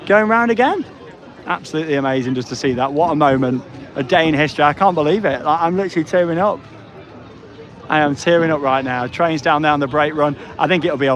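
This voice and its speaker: A man hosting a live theme park stream outdoors, excited and emotional. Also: fairly high pitch. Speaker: theme park livestream host.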